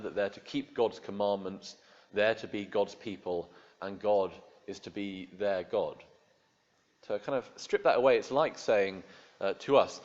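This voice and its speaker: A man preaching a sermon in a relaxed, wry, conversational way, with frequent fillers and restarts. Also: on the low side, muffled recording.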